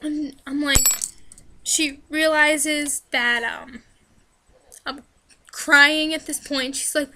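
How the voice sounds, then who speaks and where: A young woman talks into her camera, her high voice bright and sharp. She rambles with plenty of fillers and restarts, and her voice sounds a little hoarse. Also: steady tone, slow. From New Jersey. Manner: chatty, rambling, many fillers and "like". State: hoarse, voice straining. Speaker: vlogger. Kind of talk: casual Q&A storytelling.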